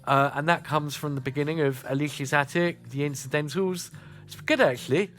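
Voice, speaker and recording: With slight background noise behind him, a man speaks fairly quickly in a highish, fairly bright voice. He's a South East England radio host with a Kent and Sussex accent, chatting casually between songs and leaning heavily on "uh."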